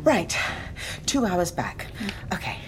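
Earnest sidekick, voice goes up and down a lot, bit heated. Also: female voice, fairly low pitch, very animated, takes it slowly, over music. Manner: earnest, impassioned. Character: loyal earnest female companion.

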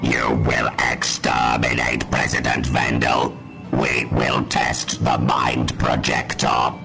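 A woman's voice: rumbling low, flat delivery, slow pace, gravelly, over music, pitched below the performer's own voice, exaggerated voice. A woman voicing a merciless alien war machine with a grating, barking delivery. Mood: menacing.

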